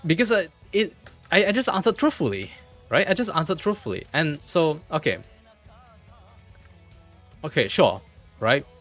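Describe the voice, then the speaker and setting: A man livestreaming from his computer, telling a story in an animated way, repeating himself and swearing freely. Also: on the high side, normal speed, long pauses, soft background music.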